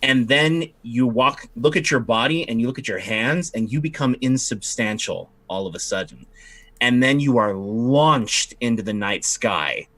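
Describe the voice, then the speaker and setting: A man's voice: mid-range voice, animated, unhurried, fairly bright tone. A man narrating as game master, rambling with many fillers and restarts.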